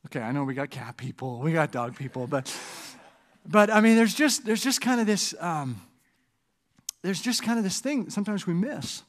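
A man with a high voice delivers a sermon to his congregation. He keeps it conversational and lively and stops for asides to the crowd. His voice rings out in a large, reverberant church hall. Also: normal speed. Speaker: pastor. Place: church sanctuary.

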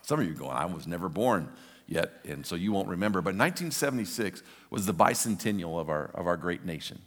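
A man's voice: sits low, animated, quick pace, in a large hall. An older man preaching a sermon as a pastor, telling a story with energy and repeating words for emphasis.

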